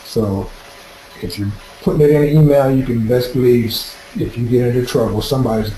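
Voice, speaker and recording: A man's voice: medium pitch, brisk, warm tone, roomy sound, slight background noise, low-quality recording. A man giving practical, explanatory advice as the presenter of an instructional webinar.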